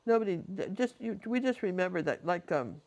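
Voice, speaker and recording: A woman's voice: on the low side, expressive, fairly quick, a little mellow. A woman, a painting teacher, casually telling a personal story in a chatty, rambling way with lots of asides.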